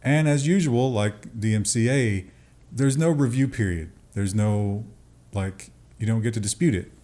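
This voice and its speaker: A man's voice: fairly low pitch, unhurried, mellow. Man, casual tech news co-host, joking, chatty, mocking voices.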